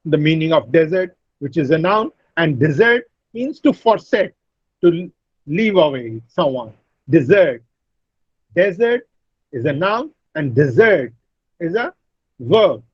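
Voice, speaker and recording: A man teaching an online English class, explaining word stress slowly and repeating each example word. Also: fairly high pitch, breathy edge, no room sound. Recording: dull, dry lo-fi call audio.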